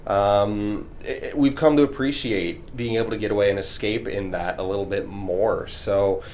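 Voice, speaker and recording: A relaxed, upbeat man with a fairly low voice talks with a patient and explains what he is doing in plain words. A faint hiss sits underneath. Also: moderate pace. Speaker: chiropractor, host. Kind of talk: casual chat with explanation.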